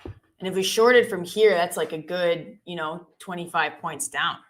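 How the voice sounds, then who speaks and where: A woman hosting a live trading stream, chatty and joking with quick asides. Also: lowish voice. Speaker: live-stream host trader. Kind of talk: casual live-stream chat.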